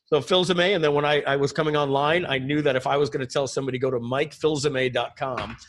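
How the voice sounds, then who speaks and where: A man's voice: medium pitch, steady tone, fast talker, a bit bright. A middle-aged man whose first language is French, presenting on a webinar over a video call in a chatty storytelling way with many fillers. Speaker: guest presenter.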